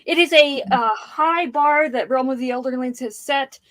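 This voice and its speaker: A woman's voice: sits high, normal speed, fairly bright tone. A woman co-hosting a casual livestream, talking candidly and joking around. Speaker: guest co-host.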